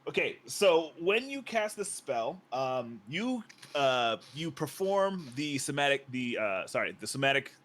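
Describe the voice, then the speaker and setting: Bright-voiced man running a tabletop game. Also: a little high, big pitch swings, unhurried, hardly any pauses. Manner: explains rules and scenes in a loose, conversational way. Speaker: game master.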